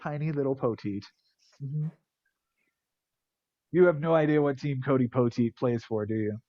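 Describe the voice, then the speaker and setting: A man's voice: medium pitch, normal speed, no echo, highs cut off. A man hosting a podcast who casually rattles off fantasy baseball stats and cracks jokes. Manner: rattles off stat lines, wisecracking. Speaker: podcast host.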